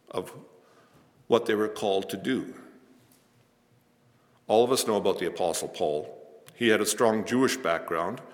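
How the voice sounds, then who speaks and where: An older man preaching a sermon, telling stories in a soft, earnest way. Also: on the low side. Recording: long hall reverb.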